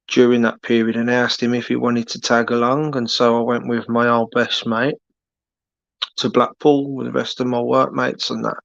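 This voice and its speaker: A man with a Birmingham accent drifts through casual late-night live-stream chat at an unhurried crawl. He rambles, pauses and fills the gaps. His voice is gravelly, and the recording sounds dull and lo-fi. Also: mid-range voice, a bit bright, no room sound. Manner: slow, rambling, halting with many fillers.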